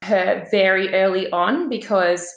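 Pregnant aussie woman chatting, animated, swears a bit, echoey room. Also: measured pace, dull audio. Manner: animated, swears, acts out quoted voices with big pitch jumps. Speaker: guest telling a personal story. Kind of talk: casual storytelling. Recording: roomy echo.

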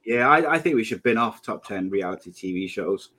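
A man's voice: fairly low pitch, animated, brisk, pushed and bright. A man in his late thirties co-hosting a podcast in casual chat, joking around and laughing often. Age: 30s. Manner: laughs often, jokey banter. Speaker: podcast co-host.

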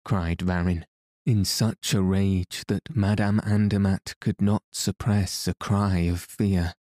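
A man narrating a classic adventure story in a measured, even way. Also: deep voice, no echo, studio quality. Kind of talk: audiobook narration.

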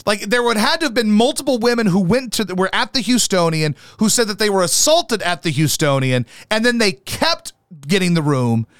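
A man's voice: high voice, animated, a little fast, smooth, dry recording, studio quality. A man hosting a sports talk show, ranting angrily and swearing nonstop. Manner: angry, shouting, swearing nonstop. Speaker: sports radio host. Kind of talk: profane sports talk rant.

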